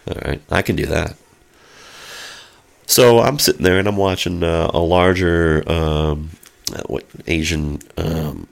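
A middle-aged man with a deep, fairly bright voice and some vocal fry rambles through a long story in casual conversation. He fills it with lots of fillers and spoken sound effects.

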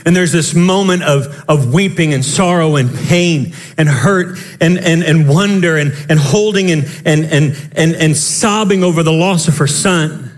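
Man, pastor, sermon, high voice, impassioned, quick asides, shouts. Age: young adult to middle-aged, father of children.

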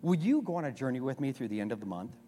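A male pastor preaching a sermon, swinging from hushed asides to loud, repeated calls. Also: medium pitch, very animated, very fast, faint music behind. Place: church sanctuary. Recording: long reverb of a church hall.

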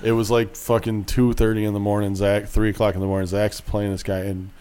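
A man's voice: lowish voice, little pitch movement, brisk, warm tone, smooth. A man co-hosting a podcast who tells stories in a teasing, casual way. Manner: teasing storyteller. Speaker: podcast co-host. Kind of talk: casual chat.

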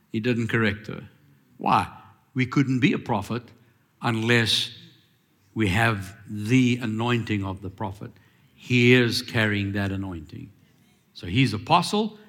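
Man, sermon, call-and-response preaching, emphatic rising questions, mid-pitched voice. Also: fairly bright tone. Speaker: pastor.

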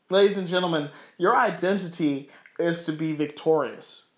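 A man's voice: on the high side, moderate pace, hardly any pauses, fairly bright tone. A man preaching fervently with rhetorical questions and emphatic repeats, then leading a prayer. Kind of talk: sermon with closing prayer. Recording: roomy echo.

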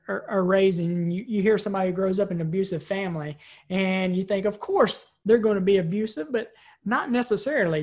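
Woman, personal development trainer, loose conversational delivery, repeats and restarts phrases. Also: medium pitch. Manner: conversational, frequent "right?" tag questions; repeats and restarts words while thinking. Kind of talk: recorded training talk.

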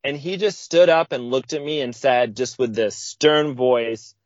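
A man on a podcast telling a personal story in a relaxed, casual way, acting out what people said with sudden jumps in pitch. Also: unhurried, dry recording. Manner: lively, acts out quoted speech with sudden pitch jumps. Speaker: podcast guest. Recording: dull, dry lo-fi audio.

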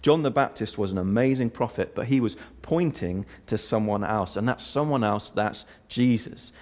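A male pastor with a somewhat low voice walks through a Bible passage verse by verse. He sounds earnest and explanatory, with frequent "uh"s and small restarts. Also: normal speed, a little mellow. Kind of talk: sermon.

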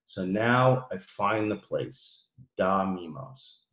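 Animated storytelling man, echoey room. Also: deep voice, slow pace. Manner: animated, profane, mimics people in his stories. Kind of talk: casual storytelling chat.

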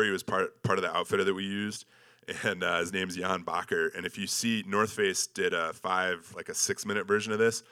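Presenting an expedition slideshow, this man has a deep voice with a bright, forceful edge. He tells the story over slides in a loose, humorous, casual way, joking at his own expense and filling his speech with frequent ums and likes.

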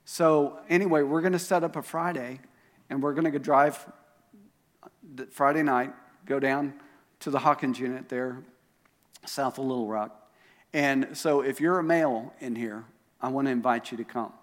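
A man's voice: mid-range voice, steady tone, moderate pace, pauses often. A pastor telling a story during a sermon, animatedly acting out the voices of the people he quotes. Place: church auditorium. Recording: live sermon in a reverberant hall.

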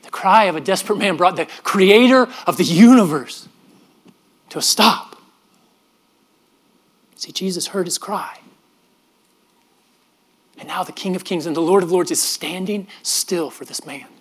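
A middle-aged man, a pastor, preaching a sermon in an earnest manner, often dropping his voice softly and repeating words as he goes. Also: sits high, measured pace, pauses often, breathy edge. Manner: earnest, with frequent soft drops and repeated words.

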